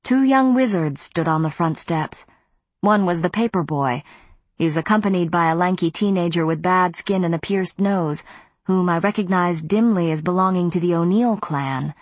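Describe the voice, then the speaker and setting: A woman reads a novel aloud in the first person and tells the story expressively. Her voice sits on the lower side, and the recording is close and dry with no room sound. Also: moderate pace, no echo. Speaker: audiobook narrator. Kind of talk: scripted first-person narration.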